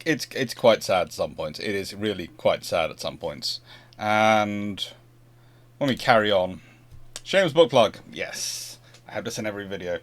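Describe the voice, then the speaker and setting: A British man hosting a casual history talk, animated, often restarting sentences and acting out dialogue. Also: fairly low pitch. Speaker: naval historian and host.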